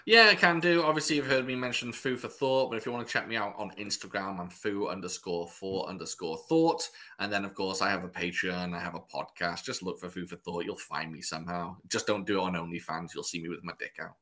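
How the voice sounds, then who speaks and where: A man's voice: low-pitched, fairly quick, few pauses, pushed and bright. A man co-hosting a podcast in casual chat, joking around and laughing easily. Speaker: podcast co-host.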